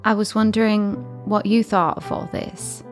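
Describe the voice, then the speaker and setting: A woman's voice: mid-range voice, level tone, normal speed, soft background music. Playful woman at a game table. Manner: playful, earnest. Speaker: player. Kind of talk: tabletop role-play chat.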